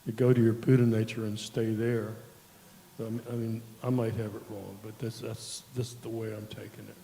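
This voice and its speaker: A man from the audience offers his view haltingly and hedges as he talks. His gravelly voice echoes around a roomy hall with a long tail. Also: lowish voice, little pitch movement, mellow, slight background noise. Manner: tentative, hedging. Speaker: audience member.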